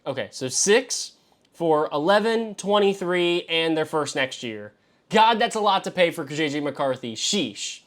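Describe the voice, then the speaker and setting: An excitable man streams live as he works through a mock draft, talking to himself. His bright, forceful voice leaps from high exasperated yelps down to low grumbling mutters, with casual swearing throughout. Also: a little slow. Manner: swears freely. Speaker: fantasy football show host. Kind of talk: live-streamed solo commentary.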